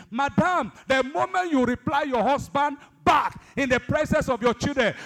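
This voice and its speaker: Male pastor, exhorting sermon, high-pitched and very animated. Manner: exhorting, calls the congregation to respond; swings between loud high bursts and low asides.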